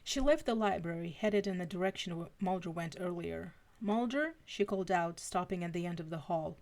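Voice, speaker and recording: A woman's voice: lowish voice, brisk, a little mellow. A woman reading fanfiction aloud on a live stream, stumbling and restarting now and then. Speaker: fanfiction reader.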